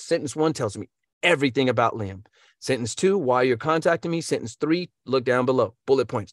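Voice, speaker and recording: A man's voice: mid-range voice, normal speed, no room sound, studio quality. An American man coaching on voiceover work, giving casual advice with energy and playful sound effects. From United States.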